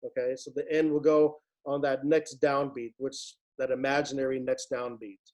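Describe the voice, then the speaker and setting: A man's voice: medium pitch, level tone, normal speed, a little mellow. A man directing a virtual choir rehearsal, patiently explaining Latin diction and demonstrating each sound. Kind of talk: online rehearsal instruction.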